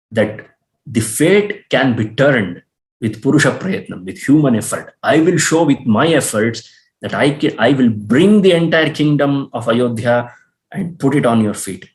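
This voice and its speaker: A man's voice: mid-range voice, roomy sound, close to an everyday voice. A man voicing a proud, defiant young warrior prince who fires off indignant questions. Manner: indignant, challenging rhetorical questions.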